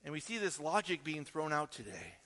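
A man's voice: a little high, very animated, a little fast, sharp tone. A middle-aged man preaching a sermon as pastor, emphatic and full of rhetorical questions, in a church sanctuary. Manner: emphatic, peppered with rhetorical "right?". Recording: long reverb of a large hall.

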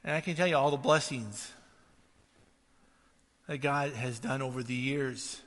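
A man preaching a sermon, telling stories and mimicking the voices in them with lively energy. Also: mid-range voice, unhurried. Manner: animated storytelling, mimics voices in anecdotes. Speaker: pastor. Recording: long reverb of a hall.

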